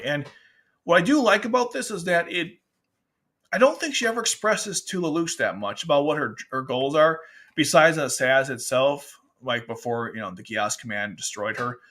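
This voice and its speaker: A man's voice: a little high, normal speed, fairly bright tone. Rambling man reviewing manga. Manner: rambling, restarts often, acts out character lines. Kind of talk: casual chat.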